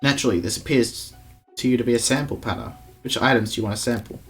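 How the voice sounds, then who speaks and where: A man reads a game's story aloud at a middle pitch, slipping in jokes and asides as he goes. His delivery is playful. Faint game music plays underneath. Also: fast. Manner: joking, reading game text aloud. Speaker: let's player.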